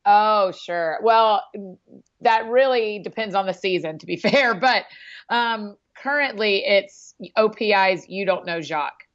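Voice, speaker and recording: A woman's voice: mid-range voice, unhurried, smooth, lo-fi sound. A woman who is a guest on a podcast, chatting in a bubbly way and laughing easily as she answers questions. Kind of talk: casual interview chat.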